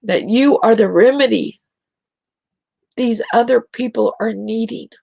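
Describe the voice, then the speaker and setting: A middle-aged woman hosting a spiritual talk show, speaking in a slow, gentle and encouraging way to her listeners. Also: a little high, vocal fry, no room sound. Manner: gentle, encouraging, drawn-out delivery with soft giggles.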